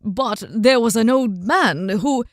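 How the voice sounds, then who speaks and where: A woman voicing a young noble knight who speaks in a formal, old-fashioned way, slow and apologetic. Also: a little high, no echo, clean studio sound. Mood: anxious.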